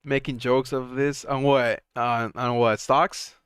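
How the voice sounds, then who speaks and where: A young man hosting a casual live stock market stream, chatty and excitable, often laughing and restarting his sentences. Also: mid-range voice, takes it slowly, smooth, no echo, studio quality. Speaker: stock market livestream host.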